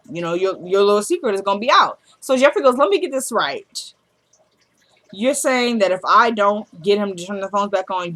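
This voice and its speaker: A woman's voice: mid-range voice, a bit bright. Woman casually recapping a TV episode. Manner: retells scenes by acting out lines. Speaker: show recapper.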